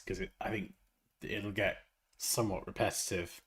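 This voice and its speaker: A man's voice: fairly low pitch, fairly even intonation, normal speed, a bit bright, slightly rough. Wry man designing live, thinking aloud. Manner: wry, teasing, jokey asides. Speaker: designer hosting a livestream.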